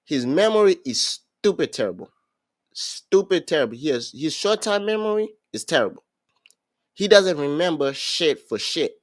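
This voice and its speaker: A young man hosting a podcast, casually recapping a reality show and acting out what people said, with many halting restarts. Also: a little high, no echo. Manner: animated storyteller, acts out quotes, halting restarts. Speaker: podcast host.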